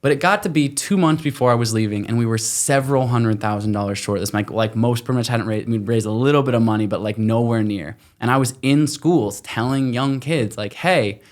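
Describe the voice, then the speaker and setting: A man's voice: medium pitch, fairly quick, few pauses. A man in his thirties telling a story in a casual interview, full of fillers and acting out other people's lines. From United States. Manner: animated, acts out quoted voices, many fillers. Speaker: guest.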